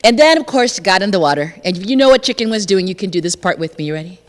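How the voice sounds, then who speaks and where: Lively woman storyteller in a sanctuary. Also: mid-range voice, fast. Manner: lively, repetitive, invites the audience to join in. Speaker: guest storyteller. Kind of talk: storytelling to a congregation. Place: church sanctuary. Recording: long reverb of a sanctuary.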